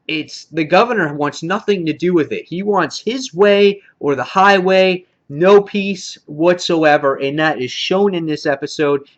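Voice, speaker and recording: A man reviewing a TV episode in a casual, excitable recap, full of fillers and mild swearing. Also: on the high side, muffled recording. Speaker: TV show reviewer.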